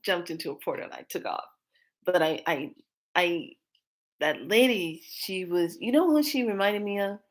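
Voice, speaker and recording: A woman's voice: lowish voice, animated, normal speed. A woman vlogger telling a dream story casually and animatedly, laughing and acting out quotes.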